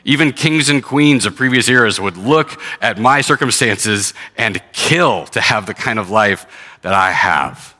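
A man's voice: on the low side, expressive, measured pace, sharp tone. A man preaching a sermon, reading scripture and talking through it in an earnest, conversational way. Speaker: pastor. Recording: long hall reverb.

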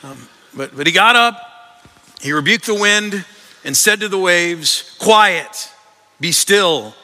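A male pastor with a very bright, keen edge to a voice pitched a little above most men's. He preaches in an earnest, conversational way, restarting words as he thinks aloud. His voice rings through a church with a long reverb trailing each phrase. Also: lively intonation, a little slow. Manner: earnest, conversational, frequent word repeats. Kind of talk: sermon. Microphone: microphone. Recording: long reverb in a large hall.

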